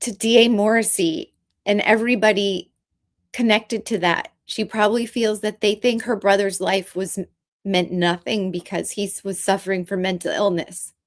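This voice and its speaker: A woman vlogger talking in an earnest, halting, emotional way in casual commentary. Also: mid-range voice, fairly even intonation.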